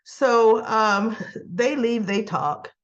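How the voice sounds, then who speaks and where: Woman soap reviewer, unhurried chatty recap, muffled lo-fi recording. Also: on the high side. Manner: chatty retelling with laughs and fillers. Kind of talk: casual episode recap.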